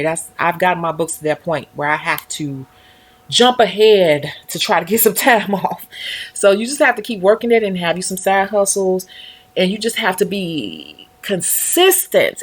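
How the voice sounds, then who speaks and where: A woman's voice: lowish voice, breathy edge. A woman talking casually on her own livestream about life as a nail technician. She tells her stories with animation and acts out other people's voices along the way.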